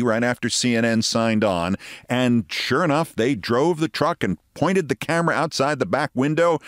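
A man's voice: medium pitch, no echo, clean studio sound. A man in his sixties hosting a commentary show, telling anecdotes in a wry, conversational way. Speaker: show host.

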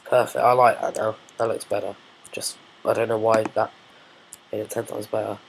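A man's voice: fairly low pitch, steady tone, normal speed, gravelly, a little hiss or hum, poor audio. A man casually commenting on his own gameplay, muttering, swearing and thinking aloud while he builds. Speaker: gameplay video maker.

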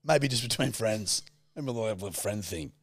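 A man's voice: lowish voice, animated, moderate pace, dry recording, clean studio sound. An Australian man co-hosting a podcast, trading teasing jokes in casual chat. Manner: joking, teasing banter. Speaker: podcast co-host.

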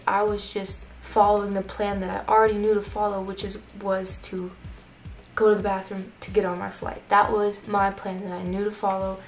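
A young woman tells a story to her camera in a chatty vlog, her voice level and even with a touch of vocal fry. She keeps dropping in "like" as she talks. Faint music plays behind her. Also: medium pitch, normal speed, low-quality recording. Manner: chatty, lots of "like" fillers. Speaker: YouTuber.

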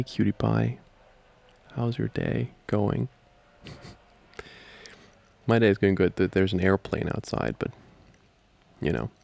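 A young man in a whispered role-play as a boyfriend, soft-spoken and playful, laughing often, close to the microphone. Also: low voice, vocal fry, no echo.

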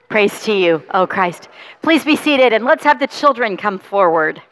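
A woman pastor reading the gospel, then talking gently with children, coaxing and encouraging them. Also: medium pitch, lively intonation, unhurried. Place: large church sanctuary. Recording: long reverb of a church hall.

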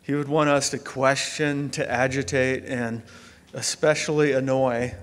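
A man giving an earnest, heartfelt memorial speech. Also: medium pitch. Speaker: eulogy speaker. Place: large hall. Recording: long hall reverb.

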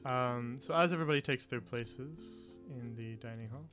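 A man narrating as game master of a tabletop game, relaxed and chuckling, with many pauses. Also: mid-range voice, music in the background.

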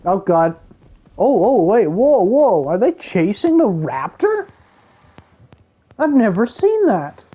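A woman giving excitable gameplay commentary, gasping and exclaiming as she reacts. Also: medium pitch, takes it slowly, pauses often, husky, muffled recording. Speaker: gaming YouTuber.

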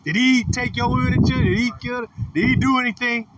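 A man's voice: very high-pitched, expressive, fast talker. A man leading an informal bible study, teaching with slangy asides and laughter. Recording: distant mic with light noise.

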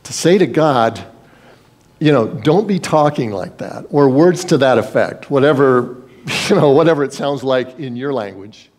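A man's voice: mid-range voice, animated, moderate pace, a little mellow. A man preaching a sermon as pastor, in a conversational style, acting out quoted voices and sometimes repeating words.

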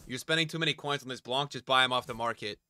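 A tired man live-streaming a game, swearing and venting at his chat, from mutters to yells. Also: mid-range voice, fast, dry recording, studio quality. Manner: swears and vents at chat, swinging from mumbling to yelling.

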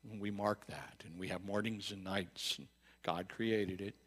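Preaching in a church sanctuary, a pastor speaks conversationally with many restarts and repeated words, alternating loud emphatic bursts with quiet reflective stretches. His voice sits low with a breathy edge, fairly even in intonation and measured in pace.

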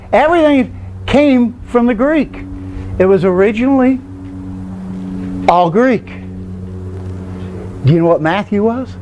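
A man with a high, darkish voice and a faint hiss or hum on the recording runs an informal Bible study class. He explains in a loose, conversational way and frequently stops to test the class with questions.

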